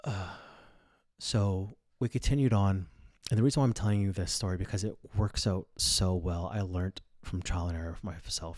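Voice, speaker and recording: A man's voice: low voice, darkish tone, no echo. Blunt, crude-talking man in his thirties. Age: 30s. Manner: blunt, crude and boastful, heavy swearing. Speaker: podcast host. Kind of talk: casual storytelling monologue.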